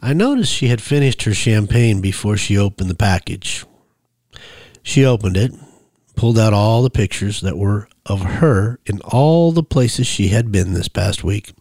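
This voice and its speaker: A man reading his own story in the first person, measured and commanding when he voices himself. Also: lowish voice, lively intonation, a little mellow, no room sound, clean studio sound. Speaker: memoir narrator.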